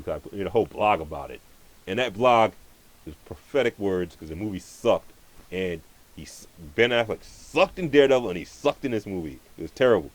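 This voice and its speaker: Profane ranting man with a low voice. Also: low-quality recording. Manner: profane, rambling, stumbling restarts. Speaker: vlogger ranting about movies. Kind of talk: angry profane movie rant.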